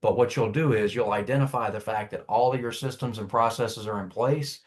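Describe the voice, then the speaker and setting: A man's voice: medium pitch, fairly quick. A man giving conversational business advice as a guest coach, casual and full of restarts and filler. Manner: casual, many restarts and "you know".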